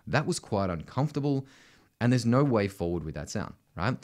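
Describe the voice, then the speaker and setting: A man's voice: fairly low pitch, sing-song, moderate pace, a little mellow. A man with an Australian accent, a vocal coach explaining technique in casual talk, often tagging his sentences with "right?". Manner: conversational, constant "right?" tags, sings demonstrations.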